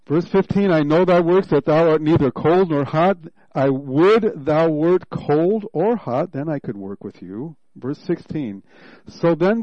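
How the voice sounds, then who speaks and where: A man preaching an expository sermon, reading scripture aloud and unpacking the wording verse by verse. His voice sits a little high for a man and rises when he acts out God's words. The recording is dry and a bit muffled, with no room echo. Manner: expository Bible teaching, reads scripture aloud, animated when voicing God.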